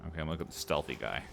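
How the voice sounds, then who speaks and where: A man's voice: a bass voice, gravelly, fairly bright tone. A man hosting a let's play, reading the game's text aloud and breaking off for playful, chatty asides to his viewers.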